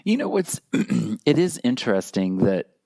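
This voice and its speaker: A man's voice: medium pitch, sing-song, measured pace, vocal fry, darkish tone, no room sound. A man co-hosting a podcast, giving blunt, wry opinions in casual chat. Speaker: podcast co-host.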